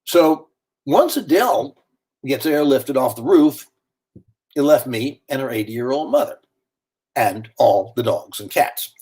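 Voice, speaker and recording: A man narrates a dramatic first-person story with lively, theatrical timing. His voice is husky, and his pitch swings widely from low asides to high bursts. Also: unhurried, pauses often. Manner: lively, animated delivery with sudden pitch swings.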